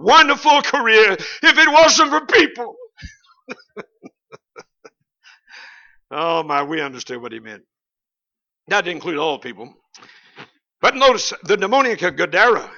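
A man's voice: fairly high pitch, bright, forceful tone. A man with a Southern accent preaching a sermon as pastor, folksy and joking, with chuckling asides. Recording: dull lo-fi sound.

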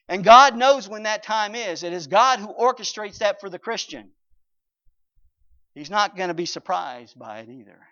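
An older man preaching a sermon and reading scripture aloud, swinging between loud and soft and drawing out key phrases. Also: sits high. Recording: dull lo-fi recording.

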